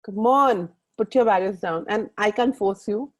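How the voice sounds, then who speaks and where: A woman's voice: medium pitch, a little slow, low-quality recording. A middle-aged woman with an Indian English accent, leading a motivational group call and urging her listeners in a rambling, earnest way.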